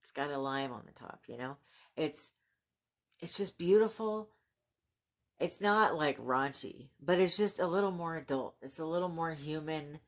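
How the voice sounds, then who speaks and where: A woman with a notably low, deep voice, talking casually as a book vlogger. She gushes about the books she loves, gets excitable, and laughs often between remarks. She switches between chatty asides and reading the back-cover blurbs aloud. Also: normal speed.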